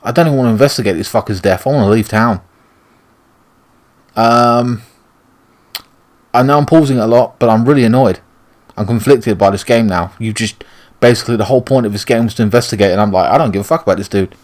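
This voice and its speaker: A man's voice: mid-range voice, fairly quick, pauses often, a little mellow. A British man ranting and swearing as he comments on a video game he is playing. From Britain. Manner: ranting, profane. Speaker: gaming YouTuber. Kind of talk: let's play commentary.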